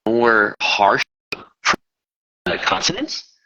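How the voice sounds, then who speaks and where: A man's voice: fairly low pitch, sing-song, drawn-out words, sharp tone. A young man, an audiobook narrator, chatting casually from a hotel kitchen over a video call and rambling with lots of fillers. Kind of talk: casual live chat. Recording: lo-fi livestream audio.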